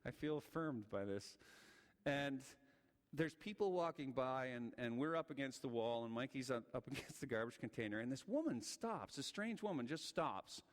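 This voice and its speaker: A man preaching a sermon, telling a story with lively acted-out quotes. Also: medium pitch, moderate pace. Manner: animated, acts out the voices in his story. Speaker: guest speaker. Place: church sanctuary. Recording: church hall reverb.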